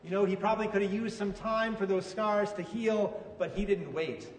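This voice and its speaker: A man's voice: high voice, normal speed, slight background noise. A man preaching a sermon in a conversational way, asking his listeners questions. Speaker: pastor. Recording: echoey hall, mic from far off.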